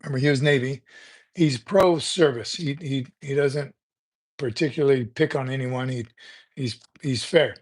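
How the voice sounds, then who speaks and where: An older man hosts a relaxed livestream, talking straight to his viewers in an easygoing, unscripted way. He rambles, circles back and repeats words while he thinks, and his voice sits at an ordinary middle pitch. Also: normal speed. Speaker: livestream host. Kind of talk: casual livestream chat.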